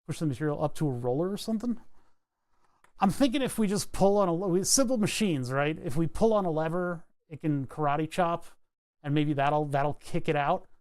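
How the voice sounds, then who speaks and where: A man chatting casually to his live-stream viewers while he tinkers with electronics at his workbench, relaxed and self-deprecating, chuckling often. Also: a little high, fairly quick, clear, resonant tone. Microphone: wired microphone at his workbench.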